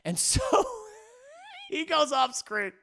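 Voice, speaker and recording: A man giving a rambling, comedic movie recap, animated and full of profanity and restarts. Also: very high voice, slow pace. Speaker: movie reviewer.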